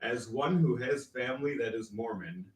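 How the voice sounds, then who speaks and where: A man's voice: mid-range voice, moderate pace, poor audio. A man co-hosting a casual livestream, trading dry wisecracks and reading out the chat. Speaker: podcast co-host.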